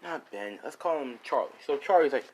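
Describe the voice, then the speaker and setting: A man's voice: medium pitch, expressive, fairly quick, poor audio. A man improvising a fan story, rambling with lots of fillers. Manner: rambling, full of fillers and 'and he's like'.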